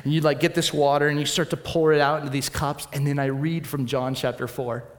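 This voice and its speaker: A man preaching a sermon, telling stories in a lively, animated way, swinging between soft asides and excited bursts. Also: a little high, fairly quick, long reverb tail. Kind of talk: sermon with personal storytelling.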